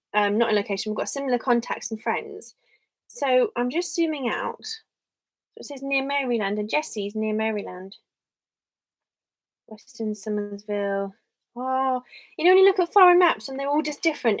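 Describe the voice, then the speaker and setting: A woman's voice: mid-range voice, no echo, low-quality recording. A young English woman chatting casually on a live stream from her home office, rambling and thinking aloud as she reads viewer comments.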